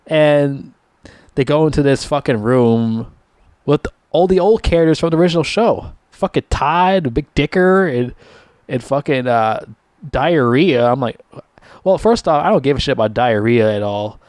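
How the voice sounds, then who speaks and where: A man's voice: mid-range voice, lively intonation, moderate pace, darkish tone, no room sound. A man giving a casual, profanity-laced rant reviewing a TV season, his voice jumping sharply upward when he gets annoyed. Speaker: TV show reviewer.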